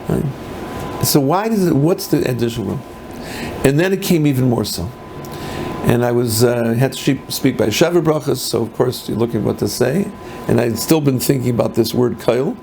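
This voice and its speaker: Older rabbi with a gravelly voice. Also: male voice, fairly high pitch. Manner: mixes Hebrew and Yiddish terms, rhetorical questions. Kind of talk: Torah lecture. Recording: faint background noise.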